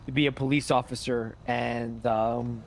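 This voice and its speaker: A man's voice: medium pitch, flat delivery, unhurried, vocal fry, slight background noise. A man in improvised game role-play who talks in a hesitant, stammering, pleading way. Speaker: roleplayer playing a police applicant.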